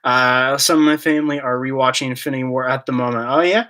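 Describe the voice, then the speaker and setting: A man's voice: mid-range voice, steady tone, quick pace, hardly any pauses, pushed and bright. A man hosting a casual live-stream Q&A, rambling and joking as he reads out and answers chat questions. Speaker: YouTube collector channel host.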